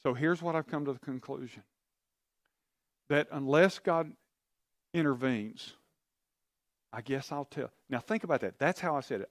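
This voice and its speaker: A man's voice: medium pitch, moderate pace, long pauses, no room sound, clean studio sound. A man preaching a sermon, telling a personal story in an earnest, confiding way and acting out his own prayers and conversations. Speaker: pastor.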